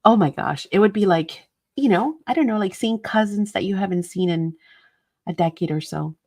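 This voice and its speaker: An animated woman hosts her craft channel from an indoor studio, chatting casually to viewers. She tells stories with giggles and bursts of laughter, in a mid-range voice. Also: medium pitch, normal speed.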